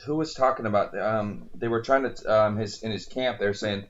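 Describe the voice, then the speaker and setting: A man's voice: on the low side, fairly even intonation, fairly quick, muffled recording. A man co-hosting a casual podcast chat about fights, talking animatedly and acting out fighters' lines. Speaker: podcast co-host.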